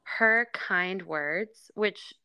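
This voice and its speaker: A woman's voice: mid-range voice, very slow, clean tone. A woman in her thirties, a podcast co-host telling family stories in casual chat, laughing often. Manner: animated storyteller, laughs often.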